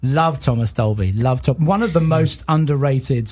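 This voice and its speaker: A man chats enthusiastically as a podcast guest. His voice is husky, and he rambles from one story to the next, acting out the lines people said. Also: medium pitch, moderate pace, darkish tone. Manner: rambling, enthusiastic storyteller who acts out quotes. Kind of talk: casual chat.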